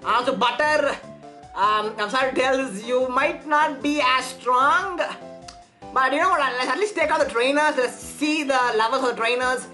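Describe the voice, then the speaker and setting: Woman game streamer, bright high voice, chatty and jittery. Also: normal speed, faint music behind. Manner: chatty, nervous, stumbles on words. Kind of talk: casual let's play commentary.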